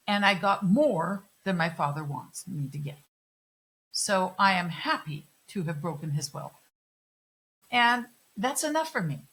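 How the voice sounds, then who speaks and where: Animated, salty-tongued woman telling stories. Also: mid-range voice, rough recording. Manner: animated, swears freely, acts out quoted voices. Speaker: guest. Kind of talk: candid conversational storytelling.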